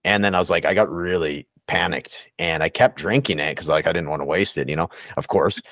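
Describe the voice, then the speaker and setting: A man's voice: low voice, brisk, fairly bright tone, no echo, clean studio sound. A man talking candidly and reflectively in a casual podcast interview, with many fillers and restarts. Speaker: recovery coach guest.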